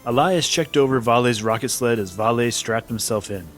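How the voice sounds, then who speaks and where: A man narrating a scripted children's story in a lively, expressive way. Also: medium pitch, normal speed, soft background music.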